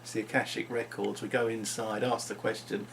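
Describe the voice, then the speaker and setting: A man's voice: lowish voice, level tone, a little fast, vocal fry, a bit bright, a little hiss or hum. A man talking unscripted into his vlog, musing and rambling with frequent restarts. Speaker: vlogger.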